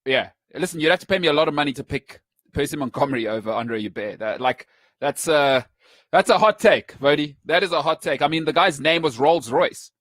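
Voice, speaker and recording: A man hosting a sports talk show, teasing his co-host in a playful, animated way. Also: on the high side, brisk, no echo.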